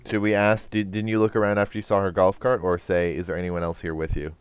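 A man's voice: deep voice, little pitch movement, quick pace, smooth, dry recording. A man streaming a game, laughing easily and asking his co-players what to pick. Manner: chuckly, checks in with co-players. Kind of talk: casual gaming chat.

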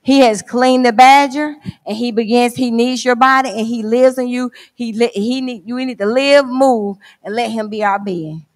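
A woman guest preacher delivers a fervent sermon, returning to her key phrases again and again. Her voice sits high. The church hall gives it a long, lingering reverb. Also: steady tone, moderate pace. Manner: fervent, repeats phrases for emphasis. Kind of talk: sermon with scripture and poem reading.

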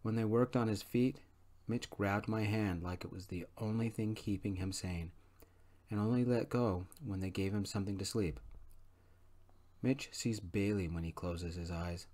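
A man narrating an audiobook chapter in a gentle, soft-spoken ASMR reading style. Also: lowish voice, moderate pace. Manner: gentle, quiet first-person narration.

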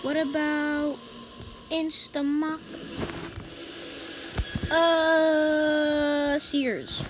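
A woman giving casual gameplay commentary, chatting and reacting out loud to each round as the channel's host. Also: sits high, little pitch movement, very slow. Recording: noisy home recording.

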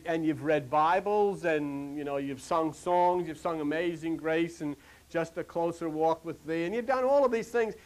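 High-voiced preacher, animated sermon. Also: male voice. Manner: conversational, repetitive, rising to animated emphasis.

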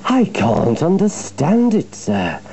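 A scheming diesel engine, voiced by a man, raised and oily in tone. His fawning lines slide up and down in a mellow, unhurried way on a children's storybook tape. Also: on the high side, huge pitch swings, slight background noise, voice pushed up, exaggerated voice, low-quality recording.

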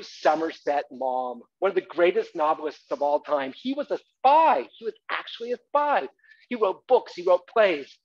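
Heard through a dull, lo-fi live recording, a man's breathy, high-sitting voice carries a comic monologue about his own life. He plays to the theatre audience, coaxing them to join in, staying animated and playful and bursting into loud shouts.

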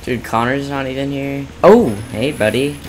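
A young man streaming a video game, reacting with excited exclamations and swearing in casual chatter. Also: lowish voice, unhurried, creaky, faint music behind.

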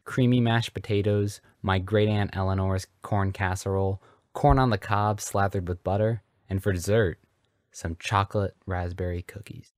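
A man's voice: low-pitched, a little mellow, no room sound, clean studio sound, close to an everyday voice. A man voicing a gracious, pious young wife and mother with a prim manner.

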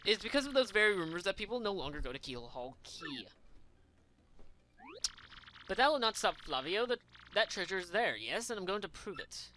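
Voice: mid-range voice, very animated, brisk, pauses often, pushed and bright, slight background noise, pitched above the performer's own voice. A gamer voicing a vain, dramatic rich merchant man in a put-on Spanish accent, reading game dialogue in a pompous, theatrical manner.

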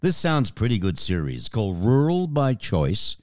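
A man's voice: on the low side, wildly swooping pitch, moderate pace, darkish tone, no echo. A man hosting a podcast interview, chatty and joking. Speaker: podcast host. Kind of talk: casual interview.

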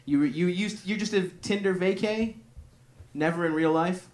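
A man's voice: sits high, moderate pace. A young man doing a loose stand-up set with crowd work, rambling and self-deprecating with plenty of swearing. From Greek family. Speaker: stand-up comedian. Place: comedy club in front of live audience. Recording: live comedy club audience.

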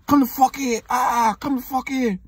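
A man's voice: very high voice, steady tone, moderate pace, slightly rough, no echo, voice pushed up. A man voicing a furious, jealous young ex-boyfriend who curses and threatens. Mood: angry. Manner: shouting, cursing, threatening.

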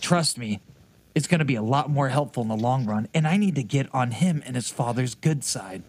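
A man's voice: mid-range voice, lively intonation, a little fast, a little mellow. A man playing a tabletop game, speaking casually with fillers. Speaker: player.

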